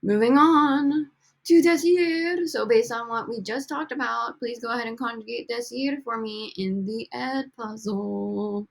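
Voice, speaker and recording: A woman's voice: fairly high pitch, fairly even intonation, normal speed, gravelly, few pauses. A woman teaching a recorded language lesson over slides, upbeat and coaxing as she drills students with prompts. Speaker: Spanish teacher.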